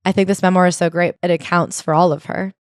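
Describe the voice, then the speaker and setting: Animated woman podcast co-host, dry sound. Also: fast talker, no room sound. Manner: animated, swings high when excited, swears casually. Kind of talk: casual book club chat.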